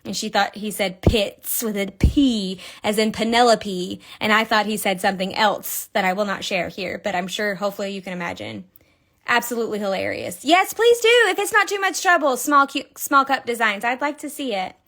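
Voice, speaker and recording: This Kentucky-accented crochet instructor talks in a mid-range, sharp-toned voice that's animated and a little fast. She gives a chatty, casual lesson on a live stream, giggling and telling stories as she works.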